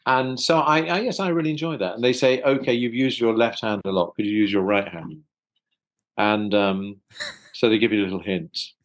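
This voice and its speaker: A man's voice: fairly low pitch, normal speed, low-quality recording. A man from South London, a voice actor guest, chatting thoughtfully in an interview over a video call with many small restarts. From South London, England. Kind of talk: casual interview chat.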